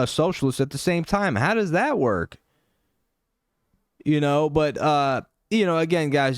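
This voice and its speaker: A young man hosts a reaction show and rants in a casual, profane, mocking way. His voice is smooth and clear. The sound is dry and close, with no room around it. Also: no room sound. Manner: profane, mocking, mimics opponents in high voice. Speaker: commentary show host. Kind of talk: reaction commentary.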